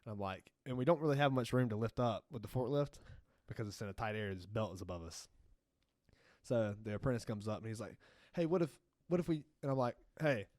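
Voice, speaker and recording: A man's voice: lowish voice, quick pace, no room sound, clean studio sound. A man co-hosting a podcast, telling workplace stories in casual chat, swearing often and acting out quotes. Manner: animated storytelling with frequent swearing and acted-out quotes. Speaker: podcast co-host.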